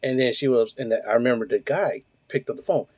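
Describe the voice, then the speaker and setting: A man in his forties rants through a heated, profanity-laced monologue, firing off rhetorical questions. His voice is warm and mellow, with little brightness, and the recording sounds dry and close with no room echo. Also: medium pitch, a little fast. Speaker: host. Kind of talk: ranting monologue.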